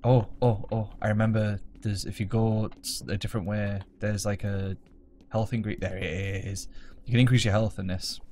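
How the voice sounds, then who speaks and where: A man's voice: lowish voice, flat delivery, moderate pace, a little mellow, a little hiss or hum. A man playing a game at his home desk, joking, swearing and mocking himself as he plays. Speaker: let's play gamer. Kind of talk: casual gameplay commentary.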